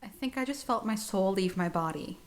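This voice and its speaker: A woman's voice: mid-range voice, expressive, brisk. A woman giving dry, sardonic reaction commentary.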